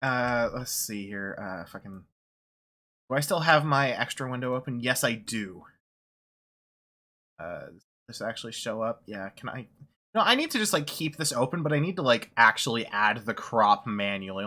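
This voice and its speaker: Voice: medium pitch, lively intonation, normal speed, sharp tone. A streamer chatting casually during a video game stream, rambling and swearing, often laughing. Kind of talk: casual gaming stream chat.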